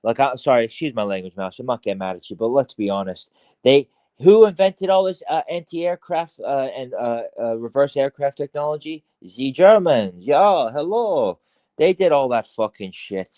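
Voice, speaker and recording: An Irish man talking as a podcast guest in casual chat, rambling with heavy swearing, halting restarts and fillers. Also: mid-range voice, animated, warm tone, dry recording.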